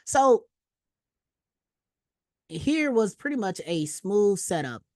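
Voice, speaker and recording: A woman teaching a casual trading lesson over a screen share, slangy and animated, telling stories with loud exclamations. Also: mid-range voice, takes it slowly, dry recording, studio quality. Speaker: trading instructor.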